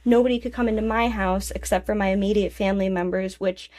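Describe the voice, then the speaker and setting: A young woman, a DJ and singer, telling a personal story in a podcast interview, halting and restarting, laughing through tears. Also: medium pitch, fairly even intonation, darkish tone. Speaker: guest, DJ and vocalist.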